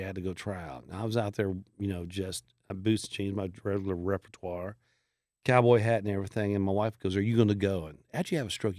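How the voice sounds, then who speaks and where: A man's voice: lowish voice, dry recording, studio quality. A middle-aged man, a podcast guest telling long rambling stories in casual chat and acting out the voices of people he quotes. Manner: rambling storyteller who acts out quoted voices.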